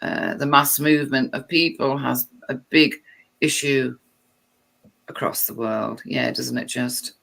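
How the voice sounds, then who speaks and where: Slow, gravelly woman reading aloud. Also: very deep voice, fairly even intonation, a bit bright. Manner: sarcastic, irritated asides. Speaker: vlogger. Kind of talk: reading text aloud with sarcastic commentary.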